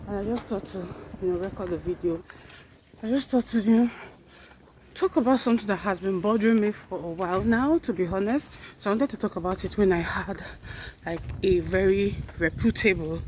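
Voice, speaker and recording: A woman vlogs while walking outside, a bit out of breath, chatting earnestly and correcting herself along the way. Her voice is mid-range and warm, her pace fairly quick, with slight background noise in this casual walking vlog.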